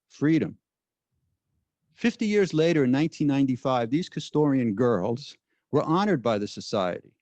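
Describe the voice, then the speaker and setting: Earnest judge giving a speech. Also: male voice, medium pitch, darkish tone, no room sound. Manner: measured, earnest oratory. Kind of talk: formal ceremony speech. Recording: dull, dry lo-fi recording.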